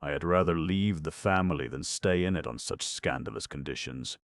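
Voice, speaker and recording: A stern old servant scolds his mistress in a reproachful, indignant tone, as a man reads his part. The voice is very low and gravelly. It is an audiobook reading. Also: moderate pace, no echo.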